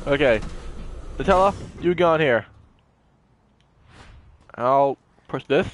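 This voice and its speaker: Animated young man narrating gameplay. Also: medium pitch, slow, pauses often, slight background noise. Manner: animated, talks to the characters on screen. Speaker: gaming channel host. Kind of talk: gameplay commentary.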